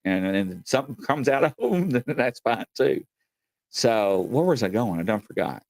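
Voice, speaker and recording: A man's voice: medium pitch, animated, normal speed, a little mellow. A man hosting a paranormal talk show, telling stories in a folksy, meandering way and addressing his audience directly. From Kentucky. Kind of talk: casual rambling storytelling.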